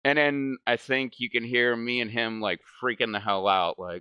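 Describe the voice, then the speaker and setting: A man's voice: medium pitch, fairly even intonation, normal speed, hardly any pauses, clear, resonant tone, no echo, lo-fi sound. A man hosting a gaming channel, telling a story in casual chat. He rambles, swears a lot and keeps saying "like". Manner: rambling, profane, fills speech with "like".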